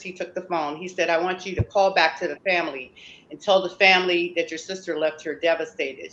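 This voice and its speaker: A woman's voice: fairly low pitch, a bit bright, muffled recording, a little hiss or hum. A woman interview guest telling a personal story emphatically, acting out what people said to her. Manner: emphatic, acts out quoted dialogue.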